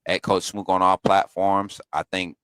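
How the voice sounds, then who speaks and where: Deep laid-back guy talking college football, dry close sound, slangy and loose. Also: level tone, unhurried, fairly bright tone, clear, resonant tone, no echo. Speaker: podcast co-host. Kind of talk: casual sports chat.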